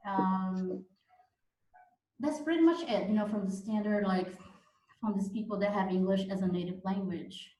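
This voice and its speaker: Relaxed woman hosting, echoey room. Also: medium pitch, moderate pace, slight background noise. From Brazil. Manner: relaxed, uses many fillers like 'you know'. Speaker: meeting host. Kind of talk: hosting a casual online meeting.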